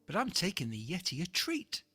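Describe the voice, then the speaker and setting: A reader voicing an excited young boy on a quest, with eager exclaiming lines in a picture-book read-aloud. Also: medium pitch, fairly quick, slightly rough, full character voice.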